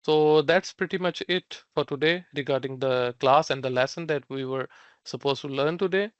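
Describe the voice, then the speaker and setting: A man teaching an online Mandarin class, slowly repeating phrases and explaining them with fillers like "uh" and "like". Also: on the high side, smooth, no room sound. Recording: dull, dry lo-fi sound.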